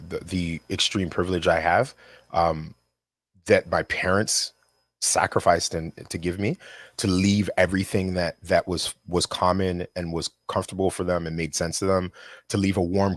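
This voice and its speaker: A young adult man, a guest who makes films, talks in a casual conversation with a low voice. He's reflective and animated, telling stories full of quick impressions. The recording is clean studio sound with no room echo.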